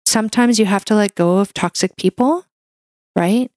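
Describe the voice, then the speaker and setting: A woman's voice: medium pitch, normal speed, darkish tone, no echo, studio quality. A woman hosting a wellness podcast, talking in a heartfelt, encouraging way and filling her speech with "like" and "you know". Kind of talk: casual monologue.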